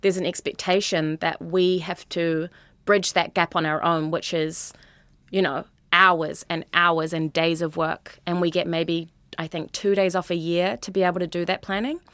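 A woman's voice: fairly low pitch, little pitch movement, moderate pace, fairly bright tone, clean tone, no echo. Earnest young New woman teacher. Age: 20s. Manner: earnest, chatty, full of "like" and "you know". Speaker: high school teacher. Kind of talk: candid interview.

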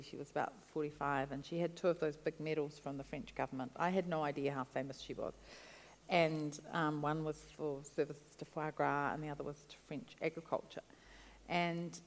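A woman guest, a food writer, telling animated stories in an interview. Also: sits low, big-room sound. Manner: chatty, animated storytelling with laughs. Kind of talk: storytelling interview answers.

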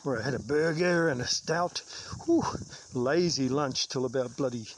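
A man's voice: mid-range voice, normal speed. A New Zealand man talking casually and self-mockingly to the camera while out hiking, with some mild swearing. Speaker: vlogger hiking a long trail. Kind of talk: casual hiking vlog talk. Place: outdoors on a bush trail. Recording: outdoor noise, insects behind.

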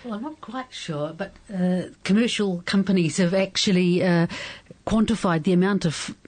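A female scientist guest answering on a radio show. Her voice is lowish and mellow, and it sounds dry and close in the studio. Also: no echo. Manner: measured, thoughtful answering.

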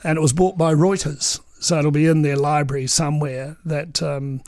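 Gravelly older New man telling stories. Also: a little high, steady tone, moderate pace, darkish tone, dry recording, studio quality. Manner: chatty, full of ums and uhs, acts out quoted dialogue. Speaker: veteran political journalist. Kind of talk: anecdotal interview storytelling.

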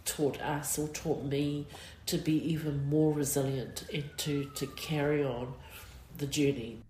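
A middle-aged New woman with a low voice, answering interview questions in a halting, reflective way full of pauses. She sounds emotional and close to tears, and her voice carries a roomy echo. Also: little pitch movement, mellow, slight background noise. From New Zealand. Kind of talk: personal interview.

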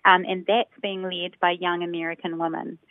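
A woman's voice: fairly low pitch, level tone, normal speed, no echo. New woman on a tinny phone line. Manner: thoughtful, explanatory, many hesitations. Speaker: sociolinguist guest. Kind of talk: phone interview.

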